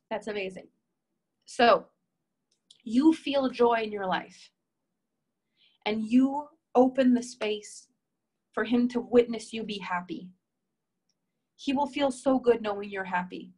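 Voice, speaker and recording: A woman coaching a group call, encouraging her listeners and reading out their comments. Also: a little high. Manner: warm, encouraging, reads out members' comments. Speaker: relationship coach.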